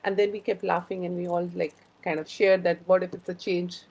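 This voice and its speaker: A woman hosts a casual live-stream chat. She rambles through personal stories and greets viewers by name. Her voice sits low and has a gravelly, fry-edged texture. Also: level tone, a little fast, darkish tone, low-quality recording. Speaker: host of a live wellbeing chat.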